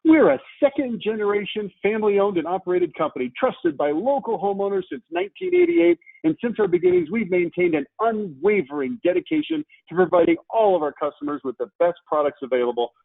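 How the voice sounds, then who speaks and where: A man's voice: high voice, big pitch swings, a little fast, vocal fry, few pauses, dry recording, pitched above the performer's own voice, heavily acted. A man voicing a gushing young female beauty pageant contestant in a sing-song, overly sweet recital, over a tinny phone-like line.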